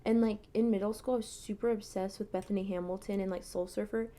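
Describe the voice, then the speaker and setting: A woman's voice: mid-range voice, fairly even intonation, fast talker, mellow. A young woman telling a personal story in a casual, chatty way, full of "like" fillers. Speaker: TikTok creator.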